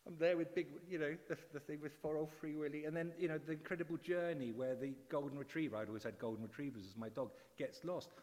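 A middle-aged man preaching a sermon, telling stories with animated, excitable bursts. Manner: warm, animated storytelling with sudden high excited bursts. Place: church. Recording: church hall with long reverb.

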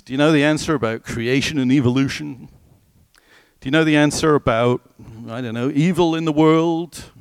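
A man preaching a sermon in a conversational, animated way, asking the listeners questions and slowing down for scripture. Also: fairly high pitch, vocal fry, no echo. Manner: slows right down when quoting scripture.

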